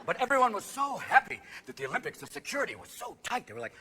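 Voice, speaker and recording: A middle-aged man doing a manic stand-up routine, switching rapidly between characters and bursting into shouts. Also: very high-pitched, wildly swooping pitch. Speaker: stand-up comedian. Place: theater stage before a live audience. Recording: live show recording with crowd laughter and noise.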